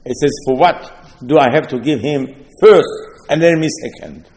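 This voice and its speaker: A man's voice: fairly high pitch, normal speed, darkish tone. A man with preaching a sermon, telling stories with asides and rhetorical questions. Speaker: rabbi. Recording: long hall reverb.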